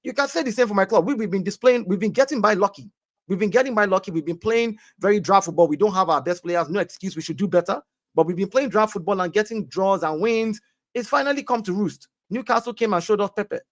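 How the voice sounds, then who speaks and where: Insistent high-voiced man, dry sound. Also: quick pace, dry recording. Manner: insistent, repeats himself, talks over others. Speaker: panelist. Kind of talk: heated casual football talk.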